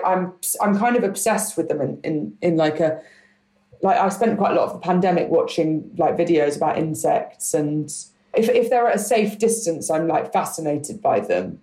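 A woman guest on a podcast, chatting casually in an animated, rambling way and swearing now and then. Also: on the low side, roomy sound. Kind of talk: casual comedic chat.

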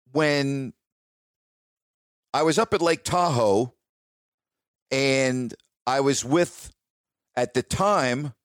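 A man's voice: medium pitch, no echo, studio quality. A man who hosts a radio show, telling a story in a chatty, emphatic way and checking in with listeners. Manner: chatty, emphatic, repeats "all right?" to listeners. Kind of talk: casual storytelling.

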